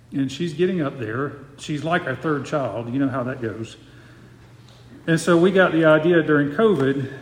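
A middle-aged man preaching an expository sermon, slowing down and repeating words to stress key phrases. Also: a little high, a little hiss or hum. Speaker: pastor. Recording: roomy hall reverb.

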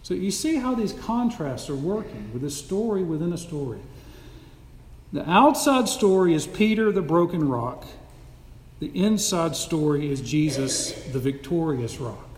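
A man preaching an emphatic, animated sermon as a pastor, recorded in a church sanctuary. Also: a little high, a little slow, slight background noise. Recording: echoey hall with long reverb.

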